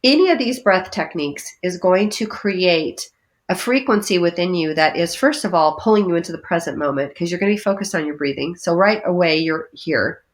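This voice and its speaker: A woman talking as a podcast guest about breathing exercises, animated, dropping into playful voices for her inner thoughts. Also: fairly quick. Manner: lively, acts out inner voices with big pitch jumps. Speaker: guest energy healer. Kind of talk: podcast interview, coaching talk.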